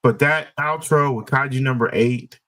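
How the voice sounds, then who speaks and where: A man's voice: mid-range voice, moderate pace, fairly bright tone, rough recording. A man hosting a casual chat show, emphatic and opinionated, repeating his points for stress. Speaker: show host.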